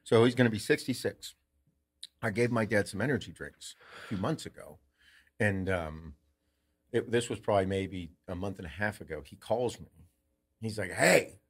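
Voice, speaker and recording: A man's voice: lowish voice, normal speed, long pauses, breathy edge. A man co-hosting a podcast, telling a story in casual chat. He swears freely, acts out quoted lines and laughs often. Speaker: podcast co-host.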